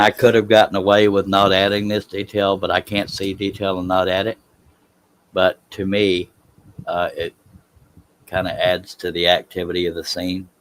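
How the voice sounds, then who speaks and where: Man, very low voice, casual live-stream chat, rambling, self-deprecating, home workshop. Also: flat delivery, moderate pace. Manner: chatty, rambling, self-deprecating, laughs at himself.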